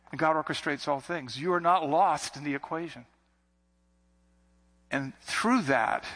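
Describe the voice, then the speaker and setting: A man's voice: fairly high pitch, fairly bright tone, long reverb tail. A man preaching a sermon as a pastor, building to emphatic repetitions.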